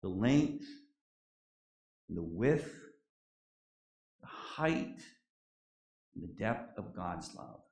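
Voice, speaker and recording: Male chaplain preaching a sermon at a slow, deliberate pace, emphatic with hushed drops, echoey room. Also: sits low, very animated. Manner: emphatic preaching that swings between loud declarations and soft, quiet drops.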